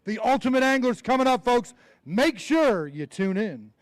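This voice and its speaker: A man's voice: very high-pitched, big pitch swings, normal speed, no echo, clean studio sound. A man emceeing a fishing tournament weigh-in, bantering and joking with each angler as he reads out the weights. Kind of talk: live tournament announcing. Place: outdoor weigh-in stage.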